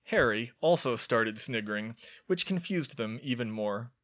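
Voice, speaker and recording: A man reading a story aloud in a steady, even narration. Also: medium pitch, measured pace. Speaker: audiobook reader.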